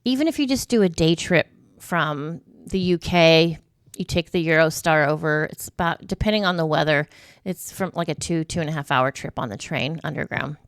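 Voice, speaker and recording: Chatty woman with a gravelly voice. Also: sits low, normal speed, no echo. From United States. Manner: rambling storytelling with fillers and asides. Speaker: vlogger. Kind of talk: casual chat to camera.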